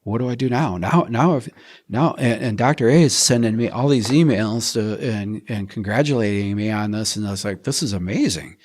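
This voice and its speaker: Middle-aged guy in a podcast chat, lowish voice, keeps restarting and acting out what people said. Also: moderate pace. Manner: animated, acts out his own quotes, frequent restarts. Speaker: program member telling his story. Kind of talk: conversational interview storytelling.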